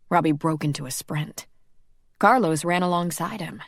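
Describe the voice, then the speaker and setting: Female audiobook narrator, steady storytelling, slightly low voice. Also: normal speed, no room sound, studio quality. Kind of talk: scripted narration.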